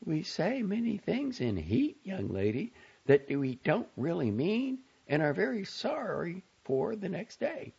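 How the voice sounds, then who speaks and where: A man voicing a mother passing along cautionary words in a softened, thinned voice, in an audiobook reading. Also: high voice, sing-song, unhurried, gravelly, breathy edge, pitched above the performer's own voice, heavily acted. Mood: admonishing. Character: older mother giving cautionary words, soft and thin. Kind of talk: audiobook character voice. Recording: dull lo-fi audio.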